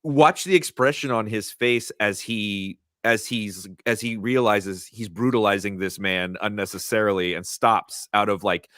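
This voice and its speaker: A man co-hosting a casual chat show, wry and sarcastic, with quick asides. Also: fairly low pitch, fairly bright tone, no room sound, clean studio sound. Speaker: podcast co-host.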